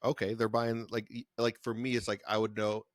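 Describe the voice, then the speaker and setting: A brisk, low-leaning male voice with little pitch movement belongs to a podcast co-host making casual, rambling talk full of restarts. The recording is dry and studio clean.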